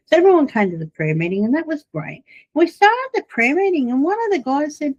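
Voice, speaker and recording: A woman's voice: a little high, big pitch swings, a little fast, dull audio. A woman giving an informal video sermon to her church, telling personal stories in a chatty way. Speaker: church minister.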